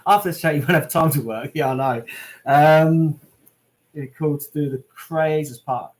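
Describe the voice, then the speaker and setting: A slightly high-voiced British man at a moderate pace hosts a live question-and-answer stream. Casual and chatty, this channel host reads out viewer comments as he answers live chat, using lots of "um" and "mate."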